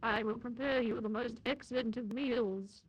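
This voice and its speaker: A man's voice: extremely high pitch, steady tone, normal speed, slightly rough, pitched above the performer's own voice, rough recording. A man using a voice changer to play a gracious female tavern keeper who welcomes guests. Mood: welcoming.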